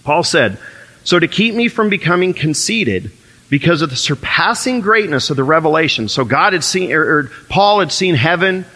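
A man's voice: a little high, animated, moderate pace, bright, forceful tone, long reverb tail. A man preaching a sermon, reading scripture and acting out little dialogues as he explains it. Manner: earnest preaching, quotes scripture and acts out dialogue. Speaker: pastor.

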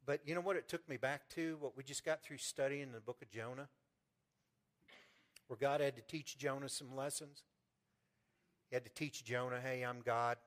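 A man preaching a sermon in a folksy way, repeating words and swinging from loud fervent peaks to quiet storytelling. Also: medium pitch, steady tone, normal speed, long pauses. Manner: preaching with rising fervor, then soft storytelling. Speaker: pastor.

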